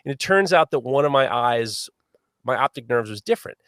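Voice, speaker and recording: A man hosting a live podcast, telling a long story in a lively, swearing manner. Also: mid-range voice, brisk, clear, resonant tone, no room sound, studio quality. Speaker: podcast host.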